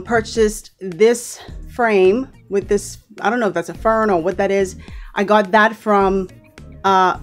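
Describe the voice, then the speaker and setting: A woman from the Bahamas giving a casual, chatty tour of her bedroom, often stopping to correct herself and teasing playfully. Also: mid-range voice. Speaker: vlogger. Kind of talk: casual room tour vlog.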